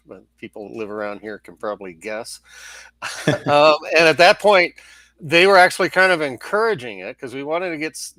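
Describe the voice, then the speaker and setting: A man's voice: mid-range voice, bright, forceful tone, no echo. A man co-hosting a tech podcast, chatting casually with a wry tone and frequent chuckles. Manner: wry, chuckles at his own remarks. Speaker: podcast co-host.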